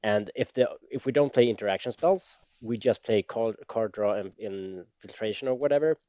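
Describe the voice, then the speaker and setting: A man with a low voice co-hosts a podcast, chatting casually in loose asides. The recording is dry and dull, with no room sound. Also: normal speed, dark tone, dry recording. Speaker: podcast co-host. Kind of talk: casual chat.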